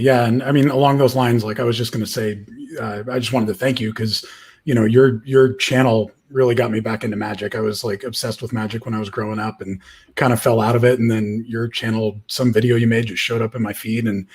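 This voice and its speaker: A man, a guest magician, talking in an easygoing, soft-spoken way in casual chat. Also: fairly low pitch, breathy edge.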